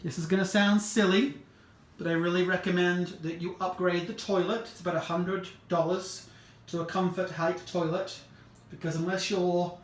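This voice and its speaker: A man working as a realtor, chatting casually as he walks through a show home and points out its features. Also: sits high. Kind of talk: casual walkthrough home tour. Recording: echoey empty rooms, faint background noise.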